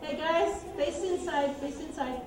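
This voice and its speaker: A woman teaching children, narrating a Bible story and directing kids through a skit in a lively, brisk way. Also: high voice, a little hiss or hum. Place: church room with children. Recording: echoey room, distant mic.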